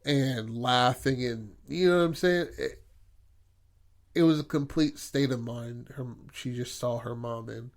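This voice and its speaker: A male podcast co-host talks through a story idea in a loose, rambling way. He swears freely and leans on fillers like "like" and "you know". His voice sits at an average pitch. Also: a little slow. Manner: rambling, profane, filler-heavy. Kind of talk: casual brainstorming chat.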